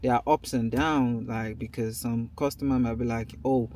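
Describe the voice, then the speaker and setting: A man's voice: mid-range voice, fairly even intonation, normal speed, a little mellow, slight background noise. A man from Nigeria in his thirties with a Nigerian accent, talking loosely and conversationally in a casual vlog recorded in a car. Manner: loose and conversational, drifting between topics. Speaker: vlogger.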